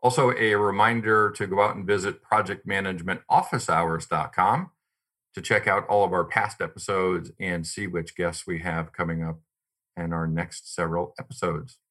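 Low-voiced upbeat male podcast host. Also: steady tone, moderate pace, fairly bright tone. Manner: upbeat, friendly host talk, some fillers. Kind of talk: podcast interview. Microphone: video call.

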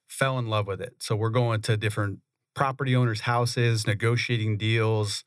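Low-voiced man telling his story on radio. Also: moderate pace, smooth, dry recording, studio quality. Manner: relaxed, conversational, laughs often. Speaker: real estate investor guest. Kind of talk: interview storytelling. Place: radio studio.

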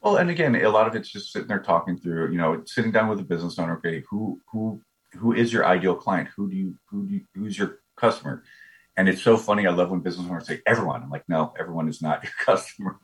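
A deep-voiced man speaks quickly and with animation as a guest business coach in a casual interview. He sounds eager and tends to repeat the opening words of each thought.

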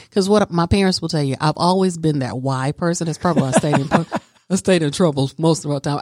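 A woman with a low voice tells her story to an interviewer. She speaks with earnest conviction and stresses her points. The sound is dry and close. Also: a little mellow, no room sound. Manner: earnest and emphatic, talks with conviction. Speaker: guest.

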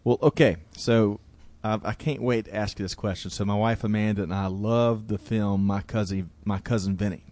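A man's voice: on the low side, fairly even intonation, normal speed, few pauses, a little mellow. A man hosting a casual interview who is enthusiastic and encouraging toward his guest. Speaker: podcast host.

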